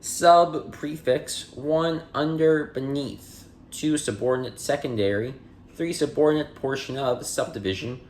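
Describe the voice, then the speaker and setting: A man hosting a podcast, reading dictionary entries aloud in a steady cadence, word, part of speech and definition, with chatty asides to listeners. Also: mid-range voice, measured pace, a little hiss or hum. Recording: roomy echo.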